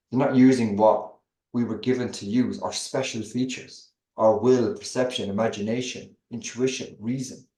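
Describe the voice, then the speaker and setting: A man's voice: mid-range voice, warm tone. A man in an earnest, musing podcast discussion, thinking aloud with hesitant restarts. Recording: roomy echo.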